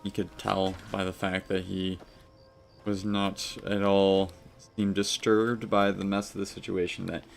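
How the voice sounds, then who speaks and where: A man's voice: low voice, flat delivery, a little slow, gravelly, soft background music. A man with a stuffy, congested voice, chatting casually to his viewers while he plays and comments on a game live. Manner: chatty, addresses chat. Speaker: streamer.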